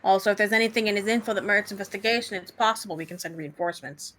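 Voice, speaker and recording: A woman's voice: mid-range voice, racing, a bit bright, natural voice. A woman voicing a police superior giving orders, read aloud in her own voice. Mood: instructing.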